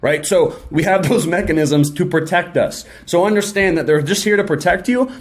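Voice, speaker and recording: A young man talks straight to his viewers in a casual, slangy motivational style. His voice sits a little high and he keeps the energy up. He often slips into quick imagined back-and-forth exchanges to make his point. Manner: energetic, slangy, acts out quick mock dialogues. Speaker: self-help video host. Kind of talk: casual motivational talk to camera.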